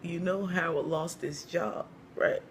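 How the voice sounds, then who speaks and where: A man voicing a young pregnant wife who is crying and ashamed, speaking in halting, broken phrases in a comedy bit. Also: on the high side, a little hiss or hum, pitched above the performer's own voice, close to an everyday voice. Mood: confessing. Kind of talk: comedic storytelling.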